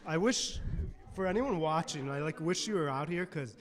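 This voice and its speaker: A photographer talking outdoors at a trail race finish, earnest and emotional. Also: male voice, on the high side, lively intonation, moderate pace, big-room sound. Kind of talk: casual chat.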